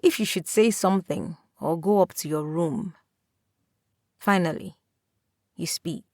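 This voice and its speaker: A woman narrating a story in the second person, measured and calm. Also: lowish voice, no room sound, studio quality.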